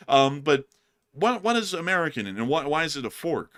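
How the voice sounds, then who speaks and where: Meet a young man hosting a loose chat show, his voice bright and ringing as he rambles from one joke to the next. His pitch swings widely, rising and falling with each quip, and he laughs often along the way. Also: sing-song, brisk. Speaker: show host. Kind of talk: casual chat.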